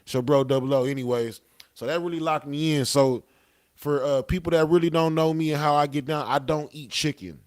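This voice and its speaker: A man's voice: fairly high pitch, fairly quick, darkish tone. A young man telling a story casually as a podcast guest, laid-back and profane, often tagging lines with "you know what I'm saying.".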